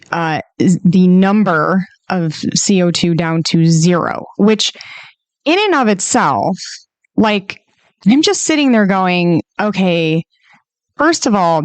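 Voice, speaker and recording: A woman hosting a podcast, talking casually and incredulously, often laughing and breaking into high exclamations. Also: no room sound. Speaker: podcast host. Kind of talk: casual commentary monologue.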